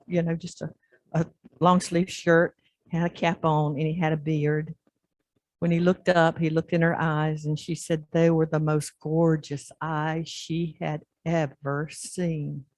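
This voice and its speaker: In a church, a woman pastor tells a sermon story in a lowish voice, acting out each scene with lively animation. The sound is close and dry, without room echo.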